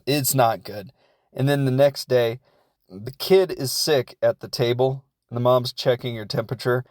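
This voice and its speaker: A man's voice: medium pitch, no room sound, studio quality. Rambling jokey man recapping a movie. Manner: rambling, jokey, acts out characters' lines in quotes; laughs often at his own jokes. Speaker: podcast host reviewing a film. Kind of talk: casual comedic film recap.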